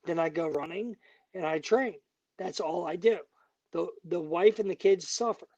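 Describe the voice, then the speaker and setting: A man's voice: sits high, moderate pace, darkish tone, dry recording, muffled recording. A man, a bare knuckle fighter, talking as a guest in a heated interview, angry, emphatic and profane.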